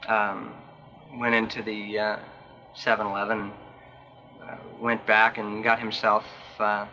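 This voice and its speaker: A man recounting a meeting in a documentary interview, speaking hesitantly with many pauses and a wry tone. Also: on the low side, completely flat delivery, sharp tone, low-quality recording.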